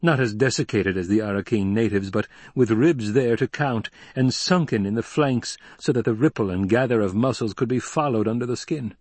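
A man reading an audiobook narration in a steady, even manner. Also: mid-range voice, normal speed, few pauses, no room sound. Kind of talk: scripted narration.

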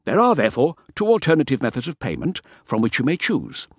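A man's voice: medium pitch, sing-song, fast, no room sound, pitched above the performer's own voice. A man voicing a fussy, compulsively tidy paymaster who speaks in precise, formal phrases.

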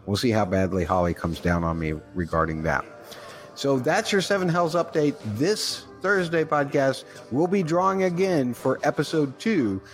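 A man hosting his own podcast alone, chatty and rambling, with fillers and asides. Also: fairly low pitch. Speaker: podcast host. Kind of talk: solo podcast recap.

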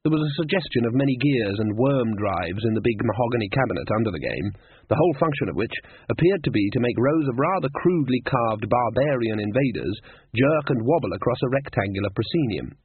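A man narrating an audiobook in a dry, measured storytelling manner. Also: medium pitch, expressive, slightly rough. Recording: tinny phone-like sound, dry.

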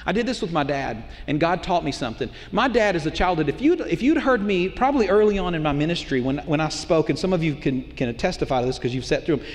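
A middle-aged male pastor preaching a sermon in a conversational way, often putting rhetorical questions to the congregation. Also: a little high. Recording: long hall reverb.

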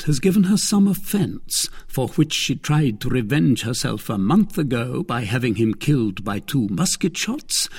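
A man voicing a calm, ironic musketeer in a read-aloud novel, measured and dry, with a gravelly, husky voice. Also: medium pitch, heavily acted.

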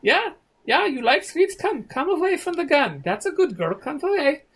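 A game master voicing male airship crewmen who coax a little girl in a high, singsong way. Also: big pitch swings, moderate pace, fairly bright tone, slight background noise.

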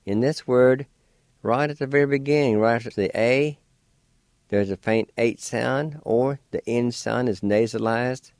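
A man's voice: on the low side, moderate pace, darkish tone, no echo, studio quality. A man teaching pronunciation, spelling words out letter by letter in a patient, encouraging way. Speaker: language teacher. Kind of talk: slow spelling and pronunciation lesson. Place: radio studio.

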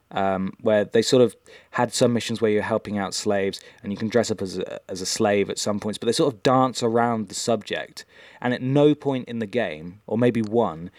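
A man's voice: fairly low pitch, darkish tone, dry recording, studio quality. A man co-hosting a podcast in casual chat, rambling and hesitant with lots of um and uh. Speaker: podcast co-host.

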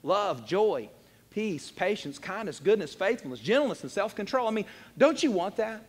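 A male pastor preaching a sermon in an animated, joking way, talking straight to the congregation. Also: sits high, moderate pace. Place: church sanctuary. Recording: long hall reverb.

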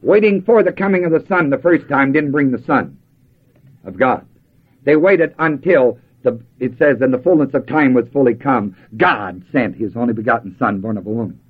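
A man's voice: medium pitch, animated, normal speed, breathy edge. An older man preaching a sermon in a folksy way, asking the audience questions and answering them himself. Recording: dull lo-fi old tape.

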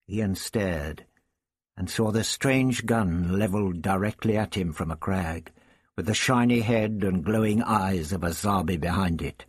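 A man reading a story aloud with expressive, dramatic narration. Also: fairly low pitch, a little slow, slightly rough, no echo, studio quality. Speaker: audiobook reader. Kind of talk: scripted narration.

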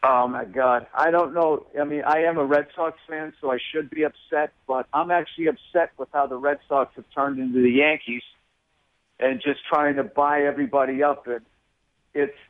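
A male comedian telling stories in a casual interview, lively and acting out other voices. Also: fairly high pitch, normal speed, no echo. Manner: animated storyteller, acts out voices. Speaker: comedian guest. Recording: tinny phone line.

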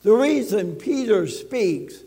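A pastor's sermon echoes through a church hall with a long reverb. His voice rides high for a man yet has a dark, breathy edge and big pitch swings, and he speaks emphatically and unhurriedly while checking in with the congregation.

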